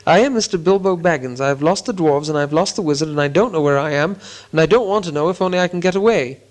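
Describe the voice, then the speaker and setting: Timid polite hobbit for a storybook, played by a man, raised voice, lifted pitch, nervous. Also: quick pace, close to an everyday voice. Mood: anxious. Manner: nervous, eager to agree. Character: anxious polite small hobbit, frightened.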